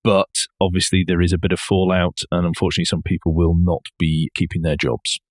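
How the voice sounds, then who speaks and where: A man's voice: sits low, flat delivery, brisk, no echo. A man co-hosting a podcast, chatting about car news with dry, wry remarks. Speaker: podcast co-host.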